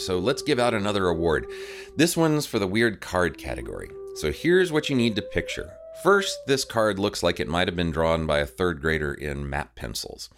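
A man hosting a story show, chatting casually with wry, self-mocking humor. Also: deep voice. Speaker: host. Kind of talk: casual, ironic podcast hosting.

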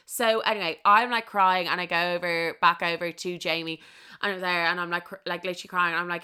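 Animated, sweary Irish woman telling a story. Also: fairly low pitch, fairly quick, clean tone. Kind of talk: comedic storytelling.

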